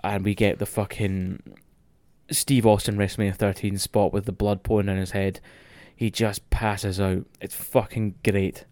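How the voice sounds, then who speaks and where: Excitable sweary Scottish man. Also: fairly low pitch, measured pace, dry recording. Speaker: wrestling podcast co-host. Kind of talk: casual chat, match recap.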